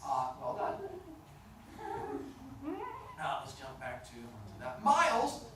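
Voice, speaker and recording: A playful, mock-stern middle-aged man teaches his class, teasing students as he quizzes them. His voice swings widely in pitch. The recording is a very echoey classroom picked up from a distance with clear background noise. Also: huge pitch swings, slow pace. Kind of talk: classroom instruction. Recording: echoey classroom from far off, noisy.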